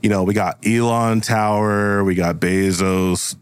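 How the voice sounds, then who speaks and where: A man's voice: fairly low pitch, steady tone, a little slow, clear, resonant tone, no room sound, clean studio sound. A man hosting a comedy podcast who narrates an improvised story in a rambling way, with lots of fillers. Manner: rambling, full of fillers and laughs. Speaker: host and storyteller.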